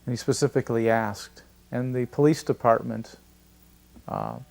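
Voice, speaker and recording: Gravelly older man telling a story. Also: mid-range voice, normal speed. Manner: animated anecdotal storytelling. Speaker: devotee recalling memories. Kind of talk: storytelling interview.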